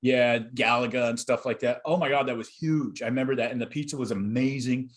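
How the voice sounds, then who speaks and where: A man's voice: medium pitch, steady tone, fairly quick. A middle-aged man co-hosting a podcast, rambling casually with fillers and restarts. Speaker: podcast co-host.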